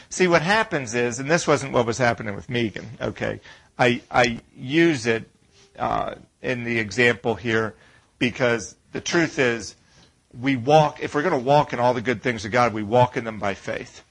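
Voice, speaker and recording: Man preaching a lively conversational sermon. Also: mid-range voice, normal speed, poor audio. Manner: animated, acts out whiny voices, rhetorical questions.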